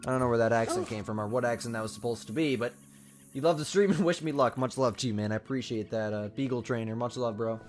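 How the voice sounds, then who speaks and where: A man's voice: medium pitch, fast talker. Casual male game streamer, coughing. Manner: casual, reads and answers chat aloud. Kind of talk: live gameplay commentary.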